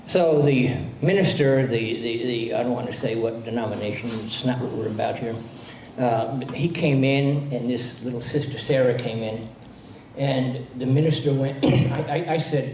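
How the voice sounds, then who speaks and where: A man's voice: mid-range voice, moderate pace, darkish tone. A male pastor giving a sermon as a conversational story, with frequent restarts and acted quotes. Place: spiritual center hall. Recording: roomy hall with faint noise.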